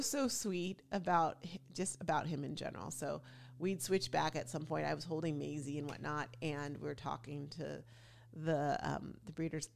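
Gravelly low-voiced woman telling a story. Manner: chatty, animated storytelling. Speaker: podcast host. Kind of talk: casual chat.

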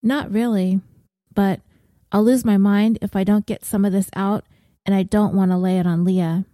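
A woman narrator voicing a blunt, troubled woman who talks in a wry, gruff, self-mocking way. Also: mid-range voice, steady tone, moderate pace, dark tone, no echo, clean studio sound, lightly acted. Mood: weary.

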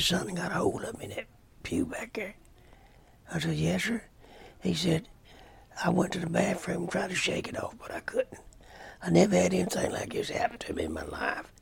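A man's voice: sits high, vocal fry, a little hiss or hum. A man preaching a sermon, telling a folksy, earnest story to his listeners. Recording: sermon tape recording.

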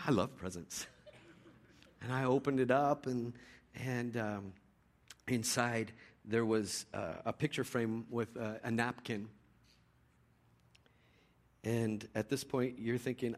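A man pastor giving a sermon in a relaxed storytelling way, with frequent restarts. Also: mid-range voice, slow pace, long pauses.

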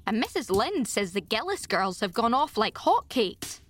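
A woman's voice: on the high side, big pitch swings, moderate pace, fairly bright tone. A woman reading an audiobook, voicing an imaginative, talkative girl who speaks effusively and dramatically. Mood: chatty.

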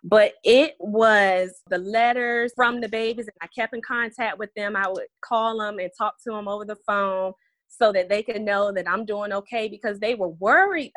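A woman in her thirties talks as a guest teacher in an earnest, reflective way, her voice at an ordinary pitch for a woman. The sound is dry and close, with no room around it. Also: a bit bright, no room sound. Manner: earnest, reflective, reads letters aloud. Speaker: special education teacher, guest. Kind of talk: heartfelt interview talk.

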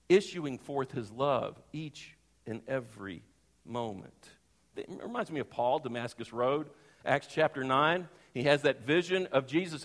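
A man's voice: fairly high pitch, a bit bright. A man preaching a sermon in a conversational, emphatic way, asking the congregation questions. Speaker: pastor. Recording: long reverb of a large hall.

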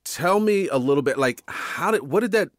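A man co-hosting a podcast, thoughtful and quick to laugh, often restarting his sentences. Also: on the high side, animated, no echo, studio quality. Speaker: podcast co-host. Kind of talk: casual conversation.

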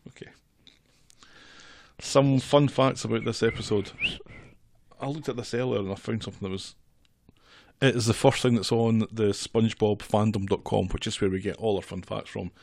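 A man's voice: fairly low pitch, fairly even intonation, moderate pace, vocal fry, pauses often, a little mellow, no echo. Dry-humored male podcast host. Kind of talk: casual podcast chat.

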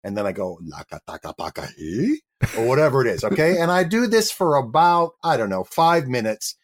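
The voice is a little high and fairly quick: a middle-aged male actor appearing as a guest on an interview show. He shares a funny anecdote, acting out its characters' dialogue with animation.

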